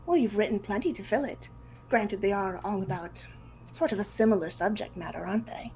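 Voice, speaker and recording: A woman's voice: medium pitch, a little fast, faint music behind, poor audio. Woman narrating a tabletop game. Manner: relaxed, laughs easily. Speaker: game master.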